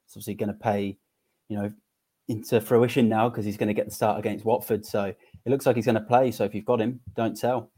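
A man's voice: fairly low pitch, little pitch movement, a little fast, warm tone, slightly rough. A man co-hosting a fantasy football podcast, giving matter-of-fact tips with hesitant starts. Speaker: podcast co-host.

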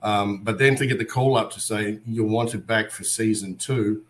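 Man, Australian accent, fairly low voice, interview guest, casual, animated storytelling. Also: normal speed, a little hiss or hum. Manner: animated storyteller, acts out other people's lines. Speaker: guest, wrestler and actor.

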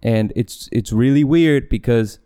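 A man's voice: mid-range voice, a little slow, warm tone. A young man from Malaysia hosting a podcast, talking casually and rambling, with frequent restarts and laughs. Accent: neutral English with a light Malaysian tinge. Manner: rambling, self-interrupting, laughs often. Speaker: podcast host. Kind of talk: casual solo podcast monologue.

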